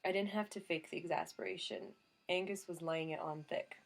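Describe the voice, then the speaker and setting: Lowish woman, wry audiobook narration. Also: fairly even intonation, normal speed, gravelly. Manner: wry first-person storytelling. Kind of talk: scripted narration.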